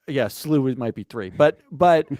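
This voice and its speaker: A man co-hosting a casual market-news podcast, animated and joking, often trailing off with fillers. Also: mid-range voice, moderate pace, dry recording. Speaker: podcast co-host.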